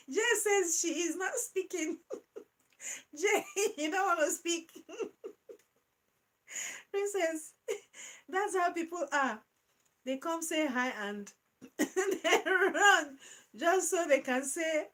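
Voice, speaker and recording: A high-pitched woman hosts a live-stream chat, reading viewer comments aloud. She speaks slowly and playfully and keeps breaking into giggles as she talks. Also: rough recording. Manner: giggles often, laughing through her words; playful and animated, addressing viewers by name. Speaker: channel host.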